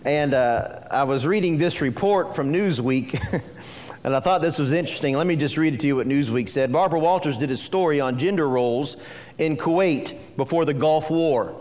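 A male pastor with a fairly high voice delivers a folksy sermon, moving between jokes and earnest teaching. His words ring out with a long reverb in the church sanctuary. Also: moderate pace, darkish tone.

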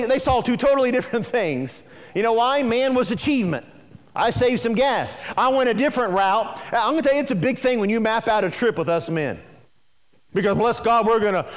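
A man's voice: high voice, in a large hall. A man preaching a sermon, emphatic and repetitive, speaking straight to his congregation. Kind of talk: sermon on marriage.

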